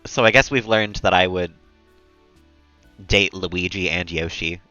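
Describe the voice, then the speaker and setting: Man, low voice, crisp bright tone, rambling gameplay chatter, laughs a lot. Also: measured pace, no room sound, highs cut off, soft background music. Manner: rambling and chatty, laughs often at own jokes. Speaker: live streamer. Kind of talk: casual gameplay commentary.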